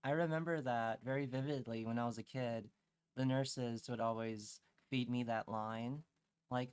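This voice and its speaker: A man's voice: mid-range voice, fairly even intonation, unhurried, a little mellow, smooth, no echo. A man streaming a comic rant, rambling with many fillers and repeated phrases.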